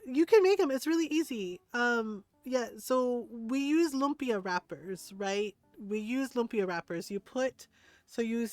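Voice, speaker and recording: A woman streamer talks casually as she builds in a game, wandering through stories and laughing easily. Her voice sits fairly high and sounds close and dry, with quiet music running underneath. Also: no echo. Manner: chatty, rambling storyteller who laughs often. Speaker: livestreamer.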